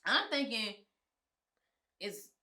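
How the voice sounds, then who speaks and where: A film producer and writer, appearing as a chat show guest, tells a personal story in frank, colloquial speech with swearing, animatedly acting out what others said. Her mid-range voice draws out its words.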